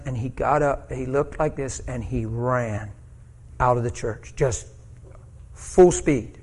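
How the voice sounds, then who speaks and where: A male preacher telling a story in a sermon, swinging from hushed asides to loud, shouted peaks. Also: medium pitch, moderate pace, breathy edge.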